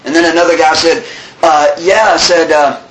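A man telling his recovery story, earnest, with many restarts, dropping his voice low on the sad parts. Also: fairly even intonation, normal speed, fairly bright tone, roomy sound, rough recording. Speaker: recovery meeting speaker.

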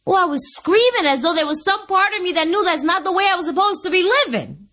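A woman's voice: extremely high pitch, expressive, fast, sharp tone. A woman sharing her recovery story before an audience, candid and wry, often laughing at herself. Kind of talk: personal testimony before an audience.

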